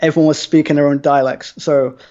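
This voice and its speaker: A man's voice: on the high side, flat delivery, fairly quick, mellow. A man guest on a podcast, chatting casually and rambling with lots of restarts. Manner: rambling, full of fillers and restarts. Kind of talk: casual chat. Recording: dull lo-fi sound.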